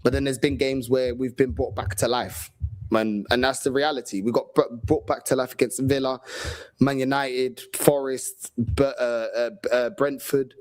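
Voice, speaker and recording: A man's voice: medium pitch, steady tone, normal speed, a little mellow. Critical man reviewing a match. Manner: critical, lists problems point by point. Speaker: fan channel co-host. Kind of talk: football fan match review.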